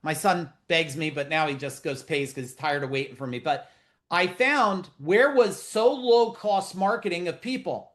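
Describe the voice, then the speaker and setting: Over a video call, a middle-aged man with a fairly high voice runs a live webinar for business owners at a moderate pace. He's loose, animated, blunt, and profane, cracking jokes while coaching his audience directly in a casual way.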